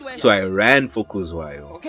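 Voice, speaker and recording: A man telling a personal childhood story in a casual, lively way, acting out voices as he goes. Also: sits low, a little slow. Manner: lively, acts out voices in his anecdotes. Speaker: storyteller, animator. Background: background music.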